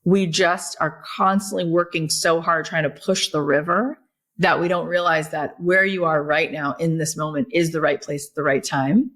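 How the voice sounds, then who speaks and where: A woman guest on a podcast, telling stories in a lively, chatty way, full of "like" and "right?". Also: deep voice, normal speed. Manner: animated storyteller, many fillers like "like" and "right?". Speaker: guest, author and podcast host. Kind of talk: casual podcast conversation.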